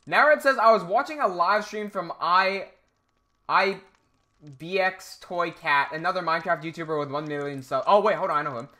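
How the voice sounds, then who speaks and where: Bright young man chatting on stream. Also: high voice, normal speed. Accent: American English. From Hong Kong. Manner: chatty, reads viewer comments aloud. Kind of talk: casual livestream chat.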